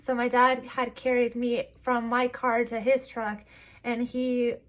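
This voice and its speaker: A young woman vlogger, teary, telling a personal story in a halting way with many restarts. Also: fairly high pitch, level tone, fairly bright tone.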